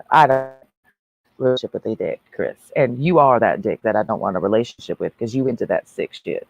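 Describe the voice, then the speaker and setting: A woman's voice: a bass voice, a little fast, gravelly, low-quality recording. A woman ranting on a livestream in a brash, mocking, preachy way.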